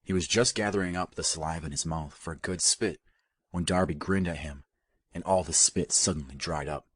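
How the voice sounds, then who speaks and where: A man narrating an audiobook in a steady, even storytelling manner. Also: low voice, fairly quick, dry recording, studio quality. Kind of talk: scripted narration.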